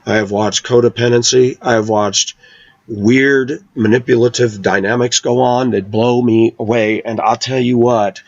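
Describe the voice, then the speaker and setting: A man vlogging a personal story rant, indignant and animated, acting out the quotes as he goes. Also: medium pitch, dry recording. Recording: dull, dry lo-fi sound.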